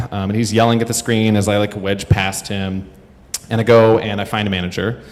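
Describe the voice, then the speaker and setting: A man's voice: on the low side, flat delivery, fairly quick. A man in his thirties telling a comedic story on stage to a live audience, self-deprecating and rambling, with many fillers. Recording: echoey hall.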